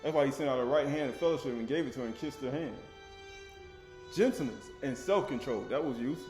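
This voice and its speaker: A man's voice: mid-range voice, fast talker, darkish tone, roomy sound, faint music behind. A man giving a casual Sabbath bible lecture, often repeating phrases and quizzing his listeners. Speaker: scripture teacher.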